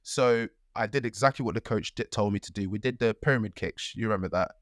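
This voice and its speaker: A young man co-hosting a podcast, telling a story in a lively way with acted-out quotes. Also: fairly low pitch, quick pace, no echo, clean studio sound. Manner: animated storytelling, acts out quotes. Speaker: podcast co-host. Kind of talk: casual chat.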